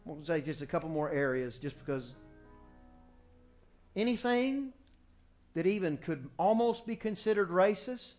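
A middle-aged man preaching a folksy, animated sermon in a church, speaking into a handheld microphone. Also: a little high, measured pace, long pauses, soft background music. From small-town US. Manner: folksy and animated, acting out family quotes. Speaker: pastor. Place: church sanctuary, music faint behind.

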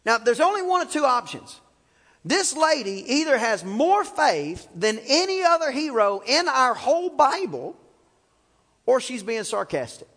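A male pastor preaches with fervor, breaking into exclamations as he tells the story. His voice sits very high. A long echo from the library room trails every phrase. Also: very animated, measured pace, fairly bright tone. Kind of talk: sermon. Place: library used for church.

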